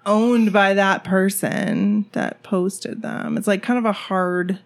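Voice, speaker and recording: A woman's voice: medium pitch, steady tone, slow, gravelly. A woman co-hosting a podcast in casual chat, chatty and self-deprecating, with lots of fillers. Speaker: podcast co-host.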